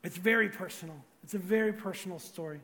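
A man preaching a sermon in a conversational, animated way that often drops to soft, intimate tones. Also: sits high, quick pace, in a large hall. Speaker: pastor.

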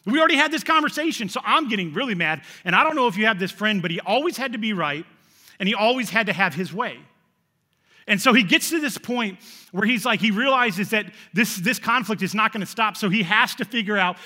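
A man, preaching a sermon through a personal story, animated, often repeating words and restarting phrases. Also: very high-pitched, normal speed, in a large hall. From central Illinois, USA. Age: 30s. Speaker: pastor.

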